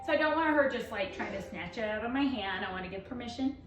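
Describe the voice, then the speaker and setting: A woman dog trainer explaining a training demonstration while playing, switching between excited praise and firm commands. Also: fairly high pitch, quick pace, reverberant, recorded from a distance, over music.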